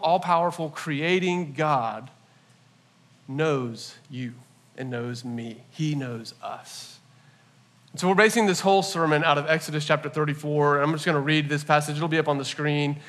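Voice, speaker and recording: A man in his forties gives a sermon in a bright, clear voice, pitched a little high. He tells stories in an earnest, lively way. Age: 40s. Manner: storytelling, animated and earnest. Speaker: pastor.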